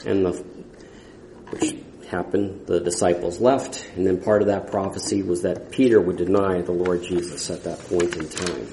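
A man preaching an expository sermon, earnest and halting, often restarting his phrases as he reads and explains scripture. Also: sits low, steady tone, warm tone, roomy sound, slight background noise, poor audio.

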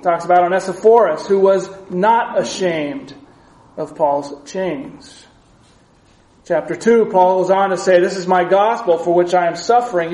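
Male pastor, higher register, earnest and measured; reads scripture mid-sermon, roomy echo. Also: darkish tone. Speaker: preacher.

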